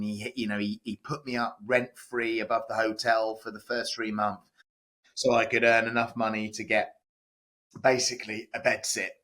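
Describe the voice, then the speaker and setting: A chatty man tells stories as a podcast guest, his voice bright and forceful. He talks loosely, full of fillers and restarts. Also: lowish voice. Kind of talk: casual podcast interview.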